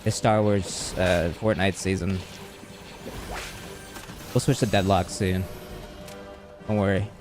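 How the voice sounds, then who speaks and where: A young man hosting a casual gaming livestream. He rambles and jokes with chat, with sudden excited outbursts. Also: low voice, takes it slowly, long pauses, music in the background. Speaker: livestream host.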